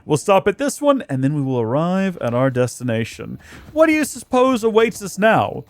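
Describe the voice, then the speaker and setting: A man's voice: high voice, wildly swooping pitch, normal speed. A man hosting a let's play, giving chatty, joking gameplay commentary with self-mocking asides.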